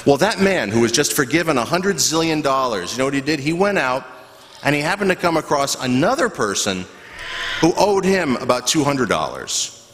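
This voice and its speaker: A man, a pastor, giving a children's sermon in a church, telling a story with animated voices and asking the kids questions. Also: fairly high pitch, normal speed, a little hiss or hum. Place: church sanctuary. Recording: echoey church hall, faint ambience.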